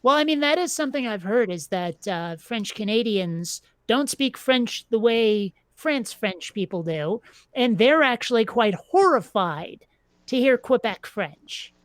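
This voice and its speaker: A woman hosting a casual group chat, opinionated and halting, often restarting her sentences. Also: on the high side, lively intonation, no echo. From United States. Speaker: podcast host.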